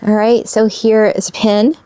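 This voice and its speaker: Slow-talking wistful woman vlogger. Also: medium pitch, level tone, warm tone, clean tone. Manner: wistful, sentimental, talks to viewers while unpacking; unhurried and musing. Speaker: vintage fabric vlogger. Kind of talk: casual show-and-tell vlog.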